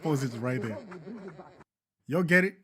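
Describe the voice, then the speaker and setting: A man's voice: mid-range voice, lively intonation, unhurried, crowd noise. A man hosting a live show, giving emphatic, repetitive, preacher-like commentary.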